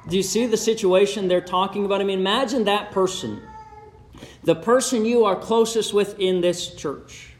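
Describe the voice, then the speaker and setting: A man delivers a sermon in a fairly high voice. He speaks in a measured way and turns often to the congregation with direct questions. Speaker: preacher.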